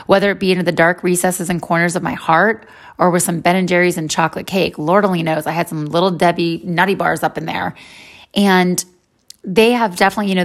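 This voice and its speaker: A woman in her forties giving a faith-based personal talk in a conversational way, with many "you know" fillers. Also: fairly low pitch. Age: 40s.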